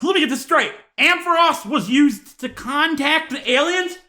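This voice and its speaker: A man doing a comedic rant to camera, mock-outraged with deadpan asides, sighs and laughs. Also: very high-pitched, normal speed. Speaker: YouTuber.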